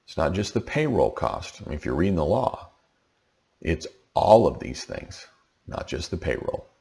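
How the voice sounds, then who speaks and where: A tax educator with a very low, gravelly, somewhat dark voice explains a tax lesson conversationally, sounding tired from the late hour. He speaks with a sing-song lilt and keeps stopping to ask "okay?" as he goes.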